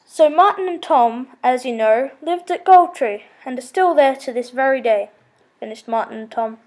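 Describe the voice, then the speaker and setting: A woman's voice: high voice, moderate pace, a little mellow. A woman reading a children's story aloud, with small slips and self-corrections.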